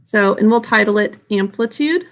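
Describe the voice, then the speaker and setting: A woman's voice: medium pitch, lively intonation, moderate pace. A woman science teacher giving a recorded lesson, patiently explaining step by step with small fillers.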